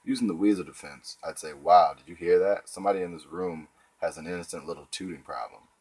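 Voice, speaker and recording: A man's voice: sits low, fast talker, darkish tone, husky, dry recording, rough recording. A man reading the part of a smug, scheming schoolboy who lectures like a small politician.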